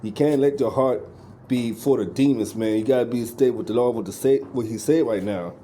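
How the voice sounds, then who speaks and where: A man's voice: medium pitch, warm tone, slight background noise. A man hosting a commentary video, talking casually and directly to his viewers and leaning on "man" and "you know.".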